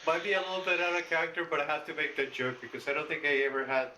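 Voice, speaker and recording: A man's voice: a little high, rapid-fire, sharp tone, a little hiss or hum, poor audio. A man playing a tabletop game, talking in a playful, eager way. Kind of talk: casual play at a tabletop game.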